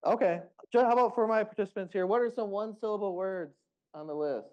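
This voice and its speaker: A man's voice: high-pitched, fast talker, a little mellow, clear, resonant tone, muffled recording. A man leading a group music workshop, giving encouraging, upbeat instructions.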